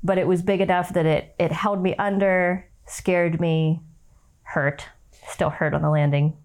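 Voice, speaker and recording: A woman's voice: fairly low pitch, steady tone, a little slow, a little mellow. A woman co-hosting a casual conversation, talking thoughtfully about her experiences. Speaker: podcast co-host.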